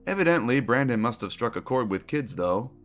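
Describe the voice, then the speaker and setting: A man's voice: medium pitch, big pitch swings, brisk, soft background music. A man narrating a scripted retrospective commentary, opinionated and wry.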